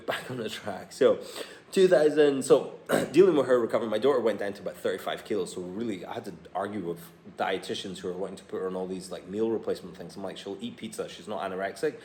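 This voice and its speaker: A blunt, plain-spoken man in his forties, a health coach, reading from his phone and talking straight to camera. His voice sits fairly low. He records in a room with an echo and a faint hum of ambience behind him. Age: 40s. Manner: candid, blunt, swears casually. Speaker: personal trainer and health coach.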